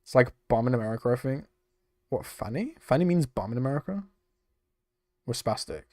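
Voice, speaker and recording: A man's voice: medium pitch, animated, a little fast, warm tone, no echo, studio quality. A young British man chatting casually on a live stream, laughing often and swearing freely as he reacts to chat. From United Kingdom. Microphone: desk microphone.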